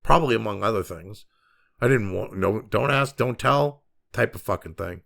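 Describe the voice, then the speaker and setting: A man's voice: lowish voice, expressive, moderate pace, creaky, fairly bright tone. A middle-aged man hosting a commentary show, ranting angrily and sarcastically, swearing constantly as he reacts to the news. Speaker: commentary host. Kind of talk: profane rant reacting to news.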